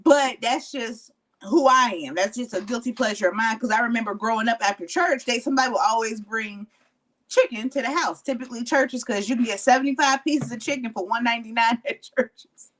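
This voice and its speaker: A woman's voice: fairly high pitch, fairly quick, fairly bright tone. A woman guesting on a podcast, talking bluntly and playfully with plenty of swearing. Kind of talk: casual podcast chat.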